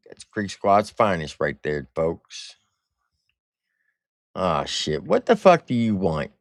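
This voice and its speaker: Low voiced guy hosting a stream, cussing and mocking, voice jumps all over, dead dry mic. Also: wildly swooping pitch, slow, no room sound. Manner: profane, mocking and sarcastic. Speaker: livestream host. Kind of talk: casual livestream panel talk.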